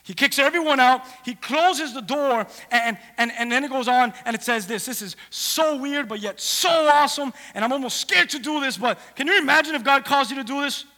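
A man's voice: extremely high pitch, a little fast, hardly any pauses, sharp tone. A man preaching a sermon, retelling a scripture story with humor and acting out the characters. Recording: long hall reverb.

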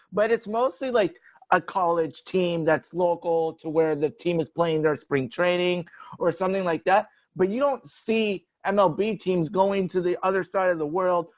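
High-voiced young man on a lo-fi mic. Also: no echo. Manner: relaxed, rambling, filler "like". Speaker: podcast co-host. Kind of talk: casual sports podcast chat.

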